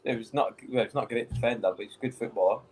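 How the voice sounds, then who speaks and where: A man's voice: medium pitch, very fast, a little hiss or hum, poor audio. Laid-back Scottish man joking around. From Scotland. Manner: joking, laid-back, uses Scots words. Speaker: podcast co-host, former footballer. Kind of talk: casual podcast banter.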